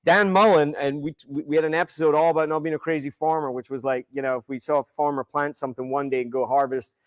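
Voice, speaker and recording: A man co-hosting a podcast, chatting casually with lively enthusiasm. His voice sits on the higher side for a man. The sound is close and dry, with no room echo. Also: quick pace. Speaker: podcast co-host. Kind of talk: casual chat.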